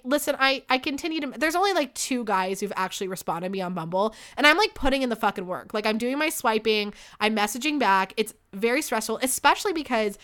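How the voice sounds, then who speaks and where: Young woman podcasting solo, chatty and swears a lot, bright clear voice. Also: fairly high pitch. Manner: chatty, candid and animated, with frequent swearing. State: sick. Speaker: podcast host. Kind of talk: casual solo podcast storytelling.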